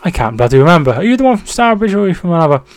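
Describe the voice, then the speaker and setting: A man's voice: high voice, racing, no room sound. Young man hosting a football live stream. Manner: reads chat aloud, thanks viewers, trails off and restarts; excited shouting at goals. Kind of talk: casual live-stream chat and match updates.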